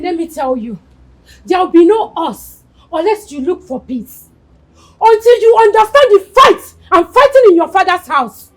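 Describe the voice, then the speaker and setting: A furious Nigerian wife in a film drama, scornful and confrontational toward her husband. Her voice sits very high and swings widely. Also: dark tone, exaggerated voice, rough recording.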